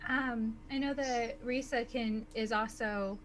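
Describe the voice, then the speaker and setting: A woman's voice: on the high side, steady tone, slow, a crowd in the background, low-quality recording. A woman playing a tabletop game, politely steering the conversation in character. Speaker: player. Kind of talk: tabletop role-play.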